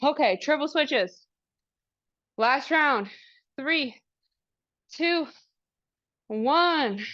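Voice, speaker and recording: Upbeat female fitness coach, slow-paced cues. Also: sits high, lively intonation, fairly bright tone. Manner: upbeat, encouraging cues with countdowns. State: out of breath. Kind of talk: live workout class instruction. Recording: dull lo-fi recording.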